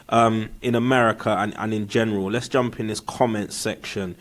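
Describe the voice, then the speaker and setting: A man's voice: mid-range voice, moderate pace, a bit bright. A man hosting a casual podcast chat, reading viewer comments aloud in slangy street talk. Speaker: podcast host.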